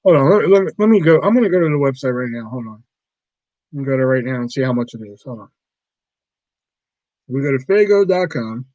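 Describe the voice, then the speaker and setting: A man's voice: mid-range voice, animated, quick pace, pauses often, a little mellow, no room sound, highs cut off. A man hosting a casual livestream, rambling and swearing a lot as he talks to his viewers. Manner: rambling, profane, easily riled. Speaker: livestream host.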